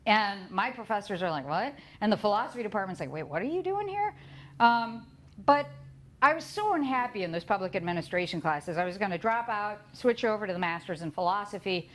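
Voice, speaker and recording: A middle-aged woman giving a talk, telling her own story with lively asides and acted-out quotes. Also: medium pitch, brisk. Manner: lively storytelling, acts out quoted voices, laughs at herself. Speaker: conference speaker.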